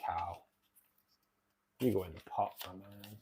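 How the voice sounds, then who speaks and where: A man's voice: sits low, steady tone, a little slow, warm tone, slight background noise. A man in his forties with a Manchester accent, hosting a casual livestream and chatting matily with viewers. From England, outskirts of Manchester. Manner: chatty, matey, reads out and answers viewer comments. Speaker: livestream host.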